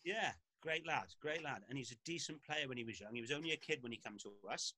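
A man, a former footballer and podcast guest, telling lively anecdotes with frequent laughs in casual talk. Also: medium pitch, quick pace, a little hiss or hum, poor audio.

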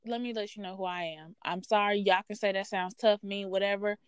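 A woman hosting a podcast, telling a workplace story in a blunt, profane, sassy and animated way. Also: medium pitch, fairly quick, hardly any pauses, clean tone, no echo. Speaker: podcast host. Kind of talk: casual storytelling rant.

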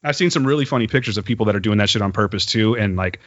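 A man telling a story in casual podcast chat. He is animated, swears, and laughs as he talks. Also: fairly low pitch, very fast, dry recording. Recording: dull, lo-fi recording.

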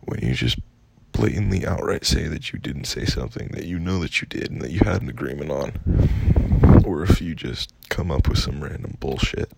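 A young man venting in a casual storytime rant, profane and exasperated, with a gravelly, husky voice. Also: very deep voice, lively intonation, moderate pace, very noisy. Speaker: vlogger.

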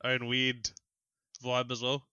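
A man's voice: medium pitch, completely flat delivery, slow, sharp tone, clean tone, no room sound. A young man, chatting casually and joking as a podcast co-host. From Australia. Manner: jokey, laughs often. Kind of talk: casual chat.

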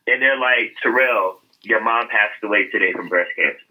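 A man's voice: fairly low pitch, normal speed, sharp tone, husky, low-quality recording. A man co-hosting a podcast, telling a personal story in earnest with fillers and a laugh now and then. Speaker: podcast co-host. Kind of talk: casual podcast chat.

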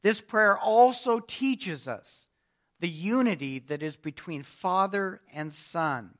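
A man with a notably high-pitched voice delivers an expository sermon. He reads scripture passages aloud with emphasis and then explains them verse by verse in a steady preaching manner. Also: slow. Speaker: pastor.

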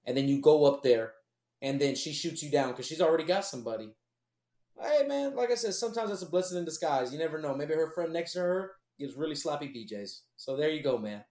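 A man's voice: fairly high pitch, fairly quick. Profane joking man, echoey room. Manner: profane, joking, animated storytelling. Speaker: podcast co-host. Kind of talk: casual podcast banter.

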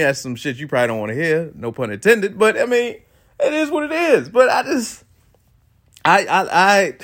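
A man's voice: mid-range voice, a bit bright. A man hosting his own show, delivering a casual, profane rant with sarcastic asides and frequent laughter. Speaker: solo talk host.

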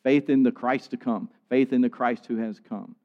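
A man's voice: mid-range voice, moderate pace. A man preaching a sermon in an earnest way, building to emphatic peaks. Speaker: pastor. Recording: dull sound with long hall reverb.

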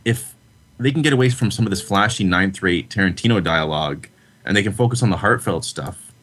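A man's voice: low voice, fairly quick, fairly bright tone, breathy edge. A man from Canada co-hosting a film podcast, critiquing a movie with dry sarcasm and nitpicking. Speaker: podcast co-host. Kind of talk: casual film review chat.

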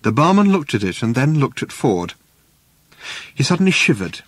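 A man's voice: medium pitch, very animated, moderate pace, no room sound. A man reading a comic story aloud with a dry, wry delivery. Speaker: audiobook narrator. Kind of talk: scripted narration.

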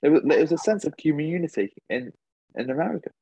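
Husky man on a dull dry mic. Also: fairly high pitch, lively intonation, fast, dark tone, no echo. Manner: easygoing, with many fillers and agreeing interjections. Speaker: podcast co-host. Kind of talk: casual history podcast discussion.

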